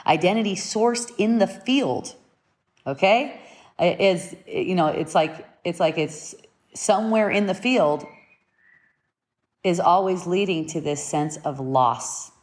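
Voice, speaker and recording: A woman with a fairly low, slightly mellow voice gives an animated yet unhurried spiritual talk. Reflective in tone, she repeats and reframes her ideas, at times hammering them in with short commands.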